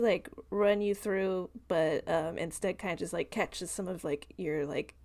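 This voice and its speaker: Woman GM, unhurried, loose casual narration of combat. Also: fairly low pitch, creaky. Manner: relaxed, filler-heavy narration with laughs. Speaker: game master. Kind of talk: narrating a tabletop game.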